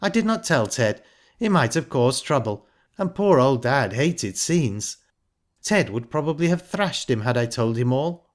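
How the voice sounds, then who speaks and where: A man voicing a calm, sharp-tongued young woman who speaks in a pointed, ironic way. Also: medium pitch, measured pace, voice pushed up. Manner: cool, pointed and cutting.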